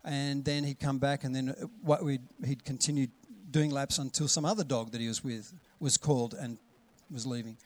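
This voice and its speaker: A middle-aged man, preaching a lively sermon and acting out voices with sudden loud calls. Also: mid-range voice, normal speed, hardly any pauses. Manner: animated, acts out voices with big loud calls. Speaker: pastor.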